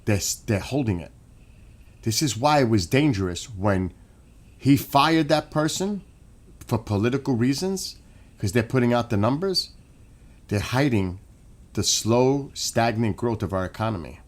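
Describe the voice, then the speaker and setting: A man streaming and ranting in a casual monologue, animated and swearing. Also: mid-range voice, unhurried, pauses often.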